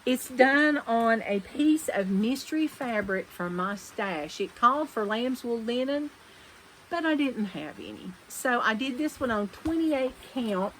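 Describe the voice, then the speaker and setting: A woman with a drawl talks through her needlework projects in a relaxed, rambling show-and-tell. Her voice sits a little high, and she often stops to fix what she just said. Faint noise hums underneath. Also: rough recording. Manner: chatty, rambling, corrects herself mid-sentence. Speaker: cross-stitch vlogger host. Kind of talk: casual show-and-tell chat.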